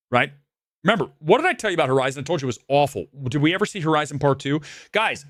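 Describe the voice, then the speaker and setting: A man's voice: on the high side, no echo, clean studio sound. Angry ranting man reviewing a film. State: shaking with anger. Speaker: movie reviewer. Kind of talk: live film review rant.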